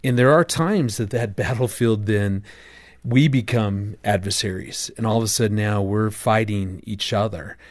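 A middle-aged man telling a story in a casual interview, earnest and animated, often restarting his sentences. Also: lowish voice, normal speed, dry recording. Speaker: guest, marriage author.

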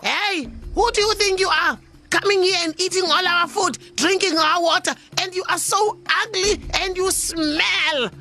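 Woman doing a tiny brave lady tortoise, high squeaky voice, south african accent, slow and bold. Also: bright, forceful tone, exaggerated voice. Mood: scolding. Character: small brave female tortoise, quiet and determined.

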